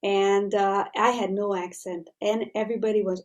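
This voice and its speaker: Woman, Hungarian accent, podcast guest, hesitant, searching for words, mid pitch. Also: little pitch movement, moderate pace. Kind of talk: casual conversation.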